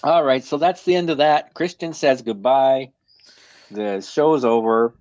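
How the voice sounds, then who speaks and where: A man's voice: mid-range voice, a little slow, darkish tone, dry recording, lo-fi sound. A man co-hosting a casual podcast, recapping an episode and quoting its lines. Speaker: podcast co-host. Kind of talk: casual chat.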